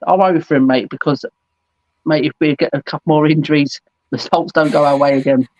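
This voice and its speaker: A man's voice: fairly high pitch, steady tone, fast, darkish tone, no echo. A man hosting a fan call-in show, chatting casually and saying "mate" and "absolutely" a lot. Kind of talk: casual football chat. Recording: dull dry lo-fi sound.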